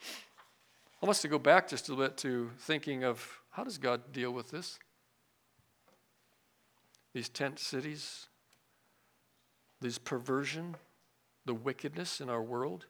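Bright-voiced preaching man, loud then hushed. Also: medium pitch, slow pace, pauses often. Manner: swings from loud emphasis to quiet asides. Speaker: pastor. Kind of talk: sermon.

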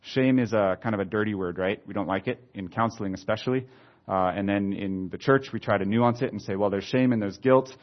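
A man preaching, reading scripture aloud slowly and then adding conversational comments. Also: on the low side. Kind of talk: expository Bible teaching. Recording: slightly dull lo-fi sound.

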